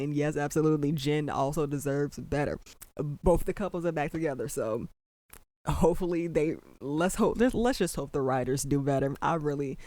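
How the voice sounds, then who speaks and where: A man's voice: fairly high pitch, darkish tone, no echo. A man hosting a casual podcast, ranting emphatically and repeating himself, with plenty of "like" and "bro". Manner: emphatic, repetitive, exasperated ranting with frequent "bro" and "like". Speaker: podcast host.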